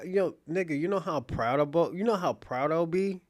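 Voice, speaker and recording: This is a man hosting his own live-stream show, talking in a casual, unscripted way. His voice sits a little high for a man, and he speaks bluntly, often with profanity. He addresses a chat viewer by name and keeps restarting and repeating lines as he thinks out loud. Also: normal speed. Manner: animated, repeats and restarts phrases while thinking aloud. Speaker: show host.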